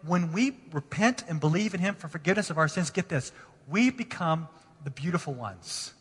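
Guy preaching a passionate sermon, kinda high bright voice, big echoey church. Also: animated, moderate pace, husky. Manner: impassioned, swinging from hushed to emphatic. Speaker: pastor. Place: church sanctuary. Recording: long reverb of a large hall.

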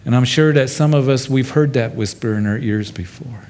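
Man, pastor, sermon, conversational, speaks directly to the congregation, mid-pitched voice. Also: moderate pace, darkish tone. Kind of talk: expository sermon.

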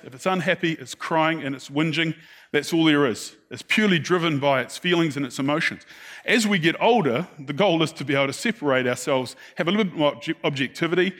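A man's voice: on the high side, a bit bright. A man preaching a sermon in a casual, conversational way, reading scripture and often checking in with his listeners. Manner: acts out the people he describes.

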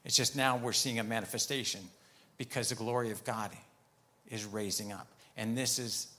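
A man's voice: mid-range voice, steady tone, moderate pace, sharp tone. A man preaching a sermon, telling a story and retelling conversations as he goes, then turning firm and emphatic on commands.

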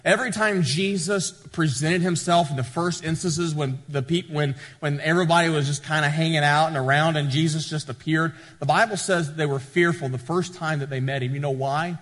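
A man's voice: fairly high pitch, moderate pace, hardly any pauses, fairly bright tone, big-room sound. A male pastor, preaching a sermon with rising emphasis and frequent repetition.

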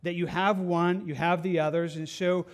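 A man's voice: sits high, little pitch movement, normal speed. A man preaching a conversational sermon as pastor, earnest and plainspoken, often asking his listeners questions.

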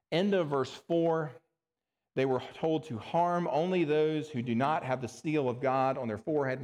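Man, pastor preaching a sermon, mid-pitched voice, earnest and plain-spoken, long hall reverb. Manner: earnest, plain-spoken, stumbles and restarts words.

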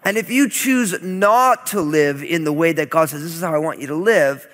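A man in his thirties preaching a sermon as pastor, conversational and animated, telling family stories with asides. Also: fairly high pitch, normal speed. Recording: long reverb of a large hall.

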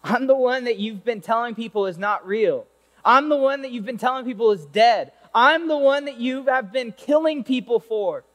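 A man voicing a solemn divine figure calling out from a blinding light, speaking slowly and gravely in a hushed tone. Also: extremely high pitch, long reverb tail.

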